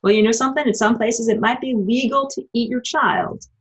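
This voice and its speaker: Husky woman ranting emphatically. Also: a little high, a little fast. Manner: emphatic, profane, rambling. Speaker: spiritual vlogger. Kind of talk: livestream monologue answering viewer comments.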